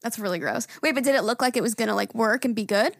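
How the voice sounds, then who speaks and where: A woman co-hosting a casual podcast, reacting to her friend's story with quick exclamations. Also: fairly high pitch, creaky, no echo, studio quality. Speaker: podcast co-host. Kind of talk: casual chat.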